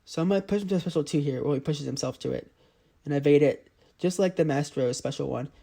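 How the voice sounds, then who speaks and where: A man's voice: a little high, quick pace, gravelly, mellow. A man giving casual play-by-play commentary over his own mobile game footage, often exasperated. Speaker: gaming channel host.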